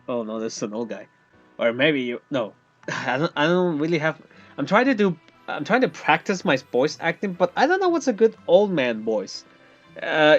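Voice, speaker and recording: A man's voice: fairly high pitch, sing-song, normal speed, highs cut off, faint music behind. A man chatting casually while playing a game, laughing often and joking at himself. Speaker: gamer.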